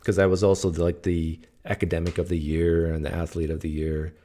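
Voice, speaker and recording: A man's voice: deep voice, flat delivery, brisk, mellow. A man from Canada hosting a casual livestream, telling stories in a joking, teasing way. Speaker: host.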